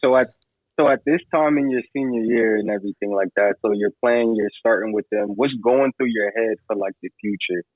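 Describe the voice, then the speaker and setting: A man's voice: fairly low pitch, brisk, no room sound. A man hosting a podcast, asking rambling questions padded with "like". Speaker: podcast host. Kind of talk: casual interview questions. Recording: dry, tinny phone-like audio.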